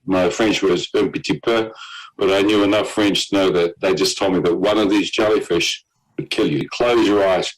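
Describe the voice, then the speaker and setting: A man telling a gripping personal testimony in a lively storytelling way, acting out other people's lines and laughing at himself now and then. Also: low-pitched, poor audio. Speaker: guest telling his testimony.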